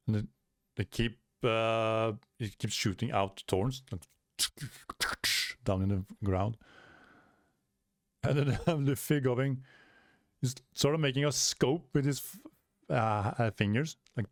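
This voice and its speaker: A man giving casual reaction commentary as a video host. He rambles, stumbles over words and fills pauses as he talks. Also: medium pitch, no room sound, studio quality. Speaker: manga reaction youtuber.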